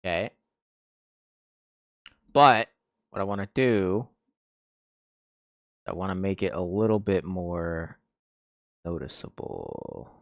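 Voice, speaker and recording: Producing music on a stream, a man with a deep, creaky voice thinks aloud in a slow, sing-song, laid-back way, pausing often and muttering half-finished, slangy thoughts as he mixes. There's no room sound, and the highs are cut off.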